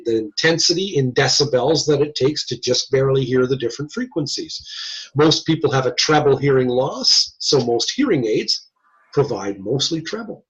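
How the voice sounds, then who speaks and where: Male instructor, casual joking lecture delivery, husky tone, muffled recording. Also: on the high side. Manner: folksy, joking, conversational. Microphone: video call or room mic.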